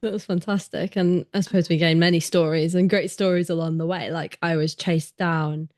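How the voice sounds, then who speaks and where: A young woman hosting a casual interview, speaking hesitantly with many fillers and pauses. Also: lowish voice, fairly even intonation, a little mellow. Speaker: podcast host, racing driver.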